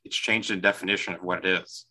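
A man's voice: sits low, fairly even intonation, fast talker, pushed and bright. A man hosting a casual movie podcast, rambling and exasperated at the plot. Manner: exasperated, rambling, laughs often. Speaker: podcast host.

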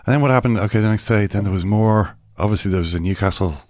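A man with a very low, deep voice talks football in a loose, rambling way, breaking off and restarting his sentences. He is recorded close and dry, with no room sound. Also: fast talker, darkish tone, dry recording. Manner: rambling, self-interrupting, restarts sentences often. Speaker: podcast co-host. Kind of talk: casual football chat.

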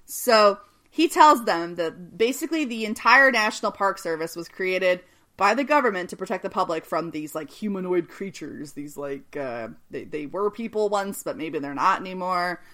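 A woman's voice: on the low side, lively intonation, moderate pace, bright, forceful tone. A woman co-hosting a podcast, recapping a TV episode in casual chat, swearing often and laughing a lot. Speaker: podcast co-host.

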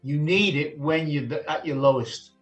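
An older man tells an animated story as a father in an interview, and his voice sits a little high. He sounds set back from the mic in a roomy space. Faint music plays underneath. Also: normal speed, far from the mic. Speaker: interviewee, former footballer and father.

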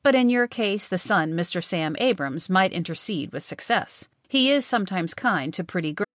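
A woman voicing a calm, grave male ghost in an audiobook, speaking in a measured, unhurried way. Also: fairly low pitch, dry recording, close to an everyday voice. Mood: grave, enigmatic. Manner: measured, never histrionic, dry. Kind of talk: audiobook reading.

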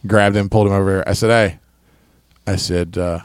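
A man's voice: low-pitched, fairly even intonation, a little fast, no room sound. A man co-hosting a podcast in casual chat, teasing and laughing often. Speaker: podcast co-host.

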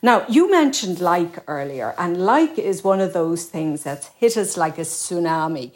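A middle-aged Irish woman, a professor guest, explaining things quickly with plenty of examples. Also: fairly low pitch, lively intonation. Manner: quick, expository, uses examples. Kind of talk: explanatory interview talk.

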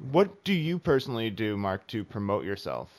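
A man's voice: on the low side, sing-song, moderate pace. A man hosting a podcast, easygoing and asking short questions. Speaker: podcast host. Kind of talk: casual podcast interview.

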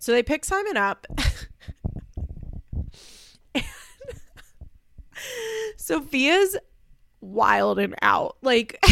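A woman giving a casual, opinionated recap, chatty with many fillers and acting out quotes in high voices. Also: vocal fry, fairly bright tone, clear, resonant tone, no echo. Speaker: commentator recapping a reality show.

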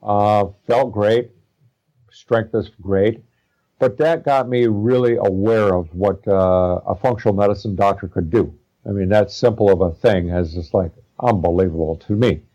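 Low-voiced man rambling warmly. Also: fairly even intonation, a little slow, lo-fi sound. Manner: rambling, many fillers and restarts. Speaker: guest, practitioner studying naturopathy. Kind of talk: casual interview chat.

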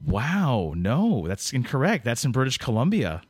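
A man's voice: medium pitch, sing-song, measured pace, slightly rough, dry recording, studio quality. Jokey rambling male podcast host. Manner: rambling, jokey, many restarts and fillers. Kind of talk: casual interview chat.

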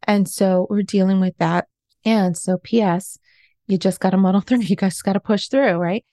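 A woman's voice: mid-range voice, steady tone, normal speed, mellow, no room sound, studio quality. A woman in her forties, a life coach, telling her own story in an interview in an earnest, confessional way. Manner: earnest, confessional, self-questioning.

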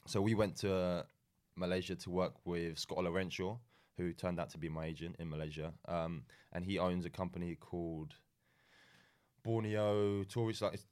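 A young man with a very low voice tells his story as a podcast guest. He rambles along in a relaxed, chatty way, full of ums and false starts. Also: moderate pace. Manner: rambling, frequent ums and restarts, laid-back. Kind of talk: casual storytelling chat.

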